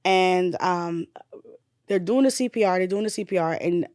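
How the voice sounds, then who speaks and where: A woman's voice: on the low side, moderate pace, no room sound. Candid grieving woman, dry close sound. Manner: candid, swearing, drifts from loud retelling to quiet grief. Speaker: guest, nurse and bereaved mother. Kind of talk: emotional podcast conversation.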